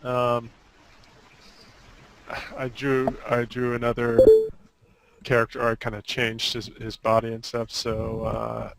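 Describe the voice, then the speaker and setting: Gravelly, flat-voiced man showing sketches. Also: medium pitch, low-quality recording. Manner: halting, with many restarts. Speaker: concept artist. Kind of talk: casual show-and-tell on a group call.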